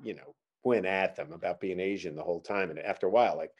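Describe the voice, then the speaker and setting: His voice sits low with a darkish tone and a quick pace. A middle-aged stand-up comic hosting a podcast, he tells stories in casual chat, rambling, joking, and leaning on fillers.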